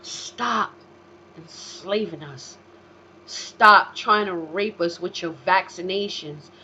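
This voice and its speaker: A woman hosting her own talk show delivers a slow, profane rant. She drops to low mutters and then bursts into shouting. The recording sounds slightly dull and lo-fi, with a faint hiss underneath. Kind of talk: solo ranting monologue.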